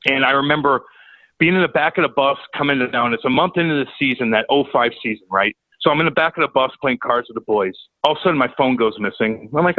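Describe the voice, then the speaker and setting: A man telling a profane, animated story as a podcast guest. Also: mid-range voice, fast, no room sound, phone-quality sound. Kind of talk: casual storytelling.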